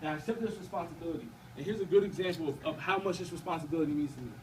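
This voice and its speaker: Young man, quick, high-voiced testimony speaker, chatty, distant mic and faint hiss. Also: a little mellow. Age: 20s. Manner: casual and conversational, often asking "you know what I mean". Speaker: student speaker at a campus ministry event. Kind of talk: personal faith testimony. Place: event room at a campus gathering.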